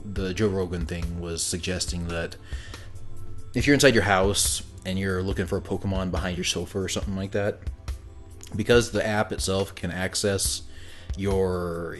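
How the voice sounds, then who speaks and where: Podcast co-host, man, deep-voiced, sarcastic, opinionated casual chat. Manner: wry, opinionated, quick sarcastic quips.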